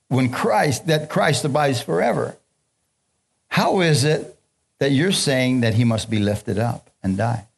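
A man's voice: mid-range voice, vocal fry, breathy edge. A man preaching, leading prayer and call-and-response, reading scripture aloud and commenting on it, and chuckling while he tells a story.

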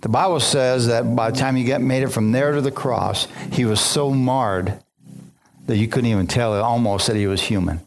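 Reading scripture aloud, a man preaches and keeps breaking off into fervent commentary, repeating and restarting phrases and putting questions to the congregation. His voice is mid-range at a moderate pace, with music playing behind him and slight background noise.

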